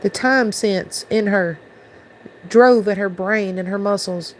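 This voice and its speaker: A woman's voice: medium pitch, slow, slight background noise, low-quality recording. Woman reading a storybook aloud. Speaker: channel host reading aloud.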